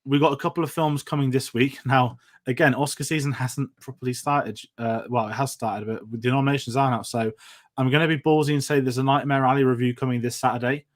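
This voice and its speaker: A film review podcast host chats casually and runs through upcoming content. His voice is medium-pitched and steady in tone, and he talks fast.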